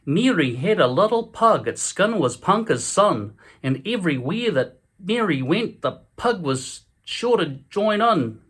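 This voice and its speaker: A man putting on a high, playful voice to recite a short rhyme slowly, in a husky lilting tone. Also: sing-song, fairly bright tone, heavily acted.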